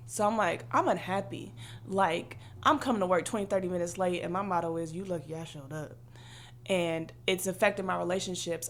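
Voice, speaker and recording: Animated woman telling a story. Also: lowish voice, a little hiss or hum. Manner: animated storyteller, acts out quoted voices. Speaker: podcast co-host. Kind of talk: casual chat.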